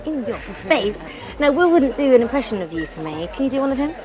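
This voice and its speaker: A woman's voice: high-pitched, sing-song, racing. Chirpy woman interviewer. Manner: chirpy, teasing questions. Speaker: entertainment interviewer. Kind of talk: upbeat presenter interview. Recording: crowd behind.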